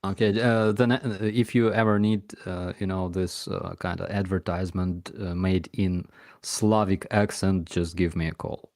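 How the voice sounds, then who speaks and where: A man's voice: deep voice, steady tone, moderate pace, darkish tone, no echo, clean studio sound. A man whose first language is Ukrainian, a guest on a casual live show, talking hesitantly with many fillers. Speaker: guest commentator. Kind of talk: casual livestream chat.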